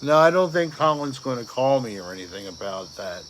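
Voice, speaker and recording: A man's voice: medium pitch, big pitch swings, fairly quick, fairly bright tone, slight background noise. A man hosting a casual late-night livestream, rambling and answering viewer comments aloud. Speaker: livestream host reading viewer chat.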